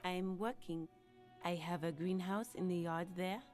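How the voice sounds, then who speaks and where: A woman's voice: on the low side, steady tone, normal speed, darkish tone, soft background music, lightly acted. An actress voicing a guarded woman gardener in a detective game. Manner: guarded, plain-spoken.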